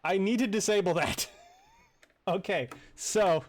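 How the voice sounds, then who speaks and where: Man, game streamer, casual, rambling, chuckly, slightly high voice. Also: unhurried. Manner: rambling, chuckling, many fillers.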